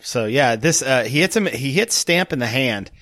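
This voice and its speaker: A man co-hosting a podcast, chatting casually, laughing often and tossing in quick asides. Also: mid-range voice, animated, fairly bright tone. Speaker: podcast co-host. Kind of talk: casual chat.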